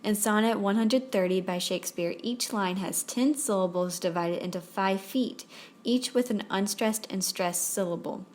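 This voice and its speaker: Brief: young female tutorial host, measured scripted delivery, clear and even. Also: mid-range voice. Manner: clear, measured, reads out terms and examples one by one. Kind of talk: scripted explainer narration.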